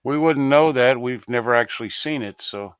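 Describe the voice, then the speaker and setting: A man's voice: mid-range voice, normal speed, noisy background. A male host in casual live-stream chat, weary and sarcastic.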